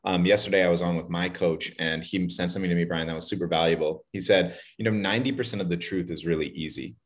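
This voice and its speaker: Deep-voiced upbeat podcast host man. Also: steady tone, fast talker. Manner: upbeat, chatty, laughs easily. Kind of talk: casual podcast chat.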